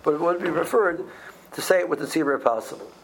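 A man, teaching a halacha class in a halting way, with many ums and restarts. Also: a little high, expressive, noisy background. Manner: halting, many ums and restarts, mixes Hebrew and Aramaic terms. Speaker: Torah teacher. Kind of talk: halacha class explaining Jewish law.

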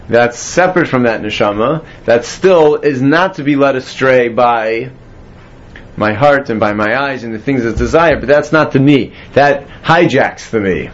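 A man's voice: mid-range voice, lo-fi sound. A man teaching a classroom Bible lesson, explaining step by step and quizzing his students. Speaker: Torah teacher.

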